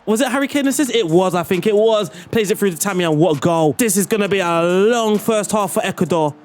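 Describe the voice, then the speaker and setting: A young man giving excitable, playful play-by-play commentary on a football management game, often laughing. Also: sits high, brisk, soft background music. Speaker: gaming YouTuber.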